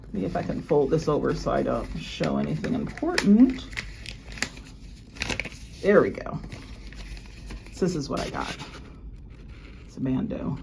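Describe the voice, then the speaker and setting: Excitable woman unboxing luxury goods. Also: sits low, a little slow, gravelly, long pauses, background noise. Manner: gushing, excitable gasps and exclamations. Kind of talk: casual unboxing chat.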